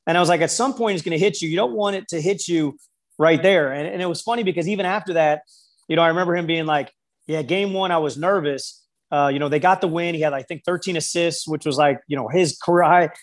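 A man's voice: on the high side, quick pace. A man who works as a basketball skills coach, telling stories in an interview and acting out the people he quotes. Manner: storytelling, quotes people in lively voices. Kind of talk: interview conversation.

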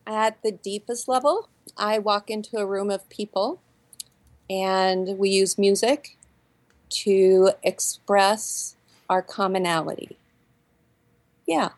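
An older woman with a Minnesotan accent, a choral director answering interview questions slowly and thoughtfully. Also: mid-range voice, fairly even intonation, dry recording. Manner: slow, thoughtful, reflective.

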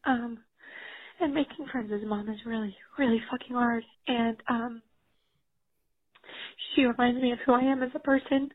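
A woman's voice: sits high, steady tone, a little slow, pauses often. A woman in her thirties leaving a tearful, rambling voicemail as a caller, laughing through tears. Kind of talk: emotional voicemail message. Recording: tinny phone line.

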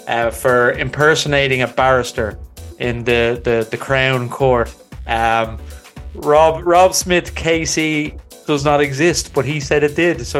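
A man hosting a comedy podcast in a playful, mock-earnest manner, teasing his guest. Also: medium pitch. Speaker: podcast host.

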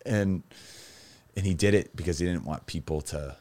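Very deep-voiced man, candid storyteller. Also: normal speed, a little mellow. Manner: rambling, with frequent restarts and fillers. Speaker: guest recounting his recovery.

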